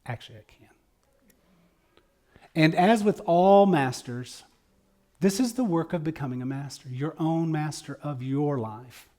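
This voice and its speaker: A man giving a conversational sermon at a church service, earnest and folksy, moving between loud emphasis and quiet asides. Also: fairly high pitch, measured pace, pauses often.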